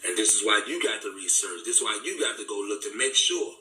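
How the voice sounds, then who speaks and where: A man's voice: lowish voice, expressive, quick pace, bright, forceful tone, a little hiss or hum. A man giving an impassioned, preaching talk, fervent and repetitive, in casual vernacular. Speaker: speaker. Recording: echoey room, distant mic, faint music.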